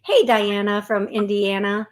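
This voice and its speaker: A woman hosting a call-in show, giving a psychic reading in a gentle, chatty way and spelling words out letter by letter. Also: medium pitch, steady tone, unhurried. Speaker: psychic medium host.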